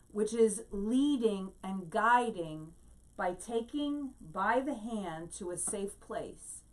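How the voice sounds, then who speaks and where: A woman's voice: mid-range voice, fairly bright tone. Woman teaching scripture from a distance. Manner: explains Hebrew words slowly, tells a story. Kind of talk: Bible teaching.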